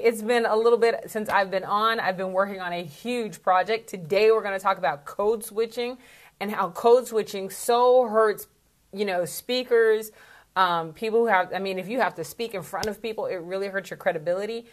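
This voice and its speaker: A woman's voice: medium pitch, moderate pace. Chatty candid woman vlogging. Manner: chatty and candid, with frequent fillers and asides. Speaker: speaking coach. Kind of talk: casual vlog talk to camera.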